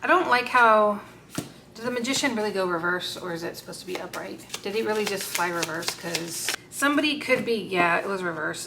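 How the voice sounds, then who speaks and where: A woman's voice: mid-range voice, vocal fry, a bit bright, slight background noise. Blunt, foul-mouthed woman reading tarot. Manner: blunt, swears freely, talks to the cards aloud. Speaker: tarot card reader. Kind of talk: casual unscripted tarot reading.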